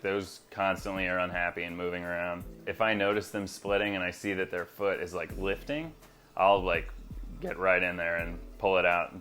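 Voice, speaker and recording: A man who keeps a reef tank at home, chatting casually and rambling with lots of fillers on a tank tour. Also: low voice. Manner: relaxed, rambling, many fillers.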